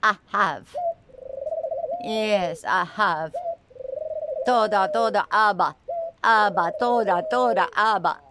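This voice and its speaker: A woman's voice: mid-range voice, takes it slowly, pauses often, very noisy. A woman filming and cooing to her pet birds, gushing with frequent exclamations. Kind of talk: casual talk to camera and to pets.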